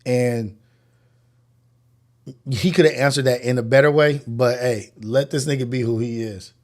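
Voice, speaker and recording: A man's voice: mid-range voice, fairly even intonation, measured pace. A man hosting a morning podcast livestream, talking through the news in casual, slangy commentary and musing aloud. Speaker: podcast host.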